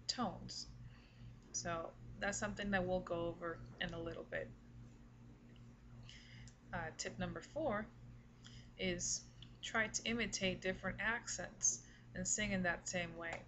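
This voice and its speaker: A woman giving a casual singing lesson, explaining tips slowly and deliberately, breaking off to demonstrate with her voice. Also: mid-range voice, fairly bright tone, slight background noise, poor audio. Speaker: singing teacher.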